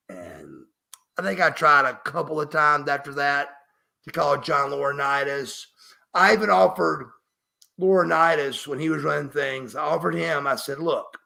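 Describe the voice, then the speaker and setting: A man's voice: on the high side, lively intonation, moderate pace, creaky, sharp tone. A middle-aged man, emphatic and profane, telling a story as a podcast guest. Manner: emphatic, profane, refers to himself by name. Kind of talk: storytelling interview.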